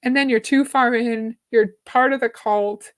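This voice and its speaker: A woman's voice: a little high, fairly even intonation, measured pace. A woman hosting a live reaction stream, chatting casually, greeting viewers by name and reading their comments aloud. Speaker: livestream host.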